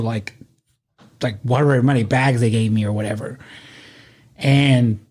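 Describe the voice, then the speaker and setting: Husky man telling a rambling story. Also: medium pitch, darkish tone. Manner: rambling, laughing, with many restarts and swearing. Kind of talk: casual storytelling chat.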